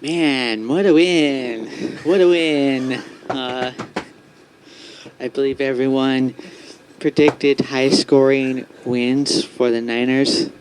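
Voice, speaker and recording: A man co-hosting a fan podcast, giving his picks in a steady, measured way. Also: mid-range voice, slight background noise, poor audio. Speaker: podcast co-host. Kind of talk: casual podcast chat.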